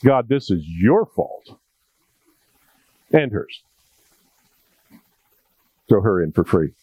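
A man's voice: on the low side, very animated, very slow, dark tone, breathy edge, dry recording, voice pushed down, full character voice. A man doing a whiny excuse-making first man. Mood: defensive.

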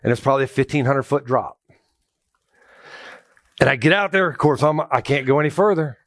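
Speaking briskly at medium pitch, a male pastor preaches a conversational sermon, joking through personal stories and calling out to the people in the pews with animation. The recording is dry.

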